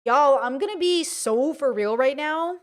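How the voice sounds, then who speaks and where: A woman's voice: high voice, animated, measured pace, no echo, studio quality. A woman doing casual reaction commentary, reading text messages aloud and reacting bluntly. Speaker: commentary streamer.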